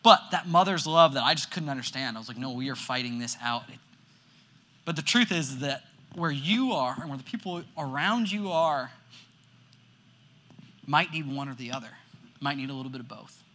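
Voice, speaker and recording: A young man gives a relaxed sermon to teenagers, telling stories with constant "like"s and animated swings in delivery. His voice sits a little high for a man and sounds bright and forceful. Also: normal speed. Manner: animated storytelling, heavy use of "like". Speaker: youth pastor. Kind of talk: casual sermon to a youth group.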